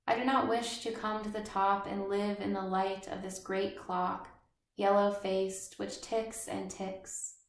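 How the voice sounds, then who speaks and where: A woman reading the part of a neat, proud, lonely schoolboy in measured literary narration. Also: mid-range voice, flat delivery, lightly acted. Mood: brooding. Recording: roomy echo.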